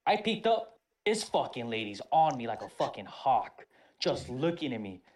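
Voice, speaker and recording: A man hosting a casual podcast chat, an army veteran telling stories in a profane, animated way. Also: medium pitch, normal speed. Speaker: podcast host.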